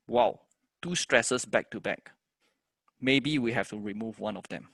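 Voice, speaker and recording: A man's voice: medium pitch, expressive, moderate pace, dry recording. A man teaching a music composition lesson, explaining step by step and chanting the words of a poem in rhythm.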